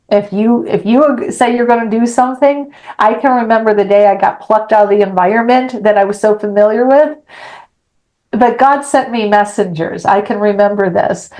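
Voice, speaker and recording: A woman's voice: medium pitch, darkish tone, low-quality recording. A middle-aged woman, a podcast guest, telling a personal story with animation and acting out the dialogue in a frank, blunt way.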